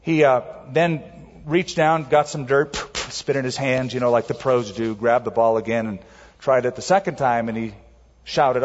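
Male pastor, slightly husky, lively storyteller, long church echo. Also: medium pitch, normal speed. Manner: animated storytelling, acting out quotes in a raised voice. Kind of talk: sermon. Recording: muffled sound in a large reverberant hall.

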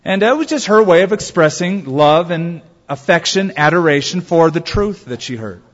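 A man pastor preaching a sermon, telling stories with drawn-out emphatic phrases. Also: on the high side, animated. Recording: dull sound in a reverberant hall.

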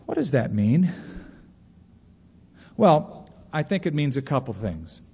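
A man's voice: mid-range voice, sing-song, slow pace, dark tone, husky. A male pastor from California, preaching a sermon in an earnest way with rhetorical questions and story asides. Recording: reverberant hall, dull lo-fi sound.

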